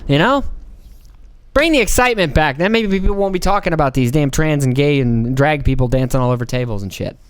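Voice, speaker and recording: A man's voice: a little high, expressive, fairly quick, clean tone, no echo. A man hosting a casual solo podcast, rambling and joking with plenty of profanity and playful mock voices. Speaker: podcast host.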